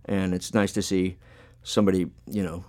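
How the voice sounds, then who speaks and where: A man's voice: sits low, level tone, moderate pace, a little mellow. A man chatting casually as host, telling long rambling stories with plenty of swearing and filler words. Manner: rambling, profane, laid-back storytelling. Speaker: podcast host and punk musician. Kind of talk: casual chat.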